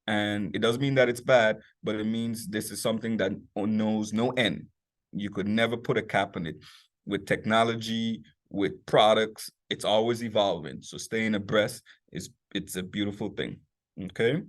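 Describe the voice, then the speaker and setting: A man with a US Virgin Islands accent giving a customer service workshop talk, chatty and lively, often checking in with "okay?" and "right?". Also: on the low side, normal speed, no room sound. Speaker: workshop speaker, private chef.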